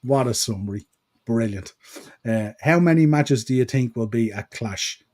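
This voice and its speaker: This podcast host is an Irishman whose accent comes from the east coast, around Dublin and Wicklow. He reads viewer comments on his wrestling show and chats casually, rambling with plenty of fillers, in an expressive, medium-pitched voice that's a touch mellow and moves at a normal pace.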